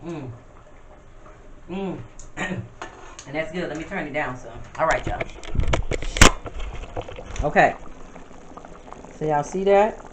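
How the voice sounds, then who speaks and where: A woman cooks in her home kitchen while chatting casually with her viewers, whom she calls "y'all." Her low voice takes things slowly with long pauses, captured in a roomy, distant, noisy home video.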